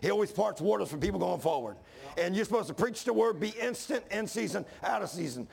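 A man's voice: high voice, lively intonation, quick pace, vocal fry, slightly rough. A man preaching a sermon in a folksy style, building to fervent intensity.

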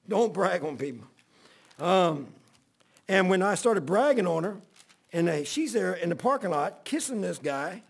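A man's voice: high-pitched, creaky. A middle-aged man, a pastor, telling a long folksy story in a rambling sermon. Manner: folksy, rambling anecdotal preaching.

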